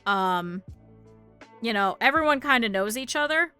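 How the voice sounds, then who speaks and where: A young adult woman from the American Midwest, chatting casually on a livestream. Her voice sits high and sounds bright and sharp. She rambles through stories with plenty of fillers, swearing and laughter, and faint music plays underneath. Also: animated, unhurried, clean tone. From Cleveland area, United States. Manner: rambling anecdotal storytelling with lots of swearing and laughter; many fillers and restarts, voices others in her quotes. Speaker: streamer. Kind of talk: casual chat while crafting.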